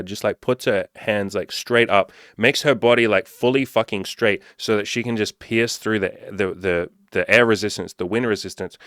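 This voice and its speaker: A man speaks straight to camera in a loose, profane, animated way. His voice sits on the low side and the sound is dry and close, with no room around it. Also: no room sound. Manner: profane, animated, acts out panicky inner voices. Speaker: self-improvement coach. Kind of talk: casual monologue to camera.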